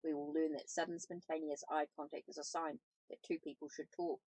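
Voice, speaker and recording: A calm, perceptive woman who guides a friend toward spiritual signs, read by a woman. The husky, gravelly tone stays even and unhurried, with small slips as it is read aloud. The sound is dry and close, with no room around it. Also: low voice, no room sound, poor audio.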